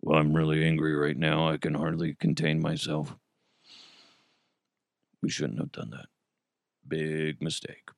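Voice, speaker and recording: A man putting on a furious older football coach, muttering low and quietly. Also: little pitch movement, unhurried, vocal fry, long pauses, no echo, studio quality, full character voice. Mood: mock angry. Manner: low, muttered, mock-angry.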